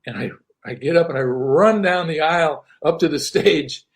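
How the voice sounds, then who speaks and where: Older man telling lively stories. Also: on the high side, normal speed. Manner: animated, laughs often, repeats words. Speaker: interview guest, singer-songwriter. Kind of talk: casual storytelling.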